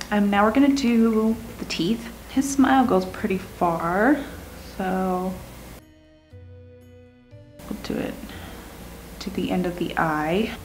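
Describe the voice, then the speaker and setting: A woman explaining a makeup look step by step in a calm talk-through while she works, sometimes dropping to a whisper. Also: mid-range voice, vocal fry, rough recording. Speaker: makeup tutorial host.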